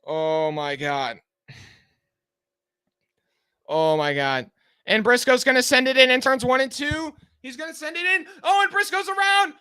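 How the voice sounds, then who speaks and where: A man live-streaming a car race, giving excited, anxious fan play-by-play and pleading with the drivers, sounding out of breath. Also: very high-pitched, a little slow, pauses often, smooth, dry recording, clean studio sound.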